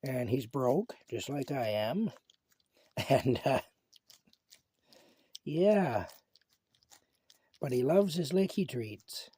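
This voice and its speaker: A man talks slowly and affectionately to his pet at home, making wry jokes about himself. His voice is husky. The sound is dry and close, recorded on a phone. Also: medium pitch, animated, dark tone, dry recording. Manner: chatty and affectionate, with wry self-deprecating jokes. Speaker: vlogger. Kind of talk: casual talk to his pet. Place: at home by a table.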